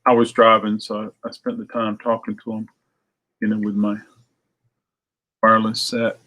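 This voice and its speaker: A man hosting a casual morning chat to viewers from his record shop, telling a story and acting out phone calls in high excited voices. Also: moderate pace. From United States. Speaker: record store owner hosting a morning show.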